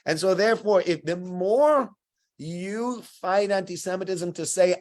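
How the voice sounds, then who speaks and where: A man teaching a weekly Torah lesson. His voice sits fairly high for a man. He talks in an animated, conversational way and tells his points as stories. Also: measured pace.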